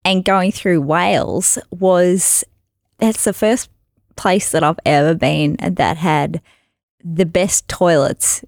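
A woman's voice: low-pitched, dry recording, studio quality. A young woman hosting a podcast, chatting casually and laughing through a travel story. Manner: chatty, laughs through her own stories.

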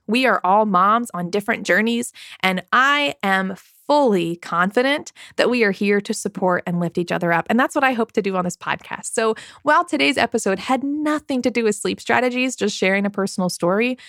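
A candid woman in her thirties shares a personal story on her podcast, confiding and chatty with her listeners. Her voice sits at an ordinary pitch, recorded close and dry on a studio mic. Faint music plays under her. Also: fairly bright tone, no echo. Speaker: podcast host. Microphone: studio microphone.

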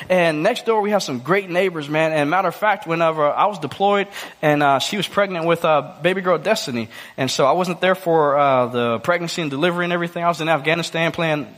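Guy preaching a sermon, tells a story, acts out both sides of the talk, fairly high voice. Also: a bit bright. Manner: storytelling, acts out dialogue, drops low and slow for serious moments. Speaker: pastor.

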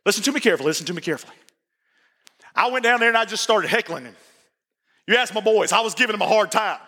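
High, bright-voiced preacher in a reverberant hall. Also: male voice, lively intonation, quick pace. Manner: emphatic and repetitive, sometimes shouting. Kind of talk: sermon. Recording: long reverb of a large church hall.

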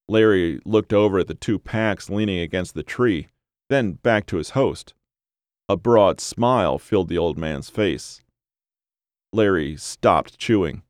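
A man narrates a grim horror story in a measured, dramatic voice. His voice is very low, and the recording is dry and close, with no echo at all. Each line is paced and weighted for suspense. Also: animated.

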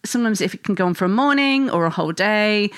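A woman talking softly and reassuringly to listeners about family life, at a middle pitch. The sound is dry and close, with no room around it. She speaks as an understanding mother in an unhurried, conversational flow. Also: animated, clean tone, dry recording. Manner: gentle and reassuring, acts out stressed inner thoughts. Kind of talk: reflective talk to listeners.

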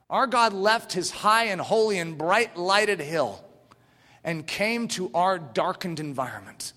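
A man preaches with fervor in a high, ringing, bright voice, climbing to shouts and then sinking to a hushed near-whisper. His sermon carries a long reverb from a church hall. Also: very animated, slow pace. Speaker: pastor.

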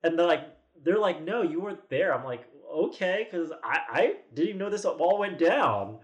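A man's voice: high voice, lively intonation, moderate pace, lo-fi sound. A man in his forties, a podcast guest, telling a story in casual chat with many restarts and quoted asides.

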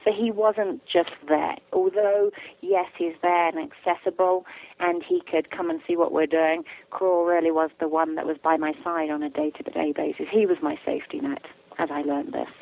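Animated woman on a tinny phone line. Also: on the low side, normal speed. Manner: animated storyteller, acts out quotes. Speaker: guest, animal communicator. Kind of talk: casual interview talk.

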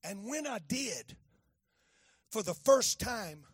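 High-voiced preacher telling a story. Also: male voice, sing-song, takes it slowly, slightly rough, dry recording. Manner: speaks to a child beside him, repeats phrases, swells to shouting. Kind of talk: storytelling sermon.

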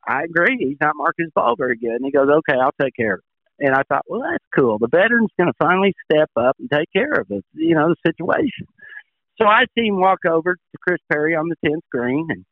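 A man's voice: fairly high pitch, dry recording. Older man, former pro, folksy storyteller, tinny phone line, dry sound. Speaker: former tour pro, show regular. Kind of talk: casual storytelling on a sports talk show.

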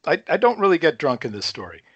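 A man in his fifties from Chicago, guest on a casual talk show, telling a story with lively energy, swearing freely and chuckling between lines. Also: on the high side, fast talker, breathy edge, dry recording, highs cut off. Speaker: podcast guest.

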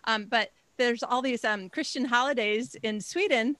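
A woman, an author, telling stories in a casual chat, animated and laughing often. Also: a little high, normal speed, dry recording. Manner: animated storyteller, laughs often, acts out her own thoughts. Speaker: romance author guest. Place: home, lives in Sweden.

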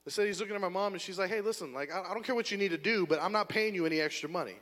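High-voiced animated pastor in a hall. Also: male voice, rapid-fire. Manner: animated storyteller, acting out scenes with a volunteer. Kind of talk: sermon with storytelling. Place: church auditorium.

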